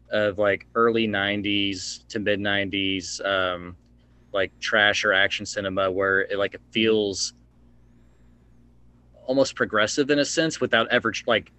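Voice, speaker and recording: A man with a lowish voice muses at length about films on a casual podcast. He winds through his points with fillers and asides. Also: moderate pace, bright, forceful tone. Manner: thoughtful, rambling with fillers. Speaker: podcast co-host. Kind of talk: casual movie review chat.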